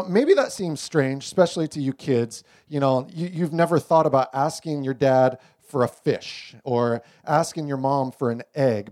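A middle-aged man preaching a casual, joking sermon to a church congregation with children. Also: a little high. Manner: relaxed, joking storyteller. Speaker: pastor. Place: church service.

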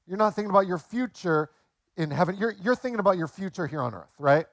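A man in his late forties preaching a sermon in a relaxed, conversational way, telling jokes along the way. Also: high-pitched, fast, dry recording, studio quality. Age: 40s. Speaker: pastor.

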